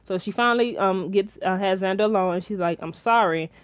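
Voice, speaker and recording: A young woman reviewing a TV episode in casual chat, rambling and excitable with many restarts and fillers. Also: mid-range voice, a little fast, clear, resonant tone, dry recording. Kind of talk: casual episode recap and theorizing.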